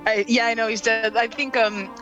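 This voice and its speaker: A woman's voice: on the high side, little pitch movement, normal speed, muffled recording, over music. A woman describing her character's actions in a tabletop role-playing game, chatty and hesitant with many fillers. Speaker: player.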